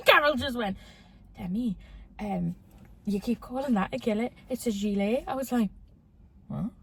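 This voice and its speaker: A woman's voice: on the high side, animated, measured pace, creaky, a bit bright, slightly rough. Young Geordie woman in a laughing chat. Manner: chatty, laughs often, quotes people in voices. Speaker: host. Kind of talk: casual chat.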